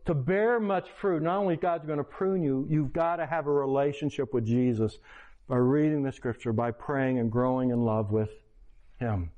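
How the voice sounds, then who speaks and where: A man's voice: mid-range voice, moderate pace, a little mellow. An older man preaching a sermon as a pastor, earnest and pleading, telling stories to make his point. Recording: dull lo-fi recording.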